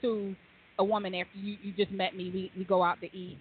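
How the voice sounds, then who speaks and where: A woman's voice: mid-range voice, flat delivery, brisk. A woman hosting a live radio talk show, casual and playful, laughing and teasing her guests. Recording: tinny phone-line sound, faint hiss.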